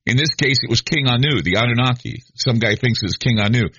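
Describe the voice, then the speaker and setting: A man's voice: medium pitch, a little fast, dull audio, noisy background. A middle-aged man hosting a late-night radio talk show, musing in a rambling, conversational way with many restarts.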